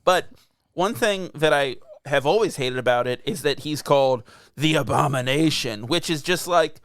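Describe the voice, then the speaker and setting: A man's voice: on the high side, moderate pace, fairly bright tone, no echo, studio quality. A young man co-hosting a podcast, chatting casually in a laid-back, rambling way with chuckles. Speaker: podcast co-host. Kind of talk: casual chat.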